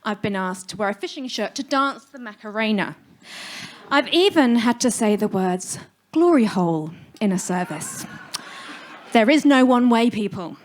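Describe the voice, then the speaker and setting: Brief: woman, funeral celebrant, speaking frankly and with humor at a live talk on stage. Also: medium pitch. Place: live music venue stage.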